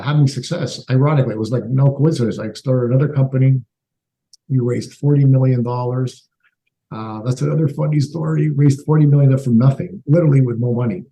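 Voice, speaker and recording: Middle-aged male podcast guest from Canada, a storyteller who acts out his dialogue, mellow and relaxed tone. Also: mid-range voice, rough recording. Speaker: entrepreneur guest.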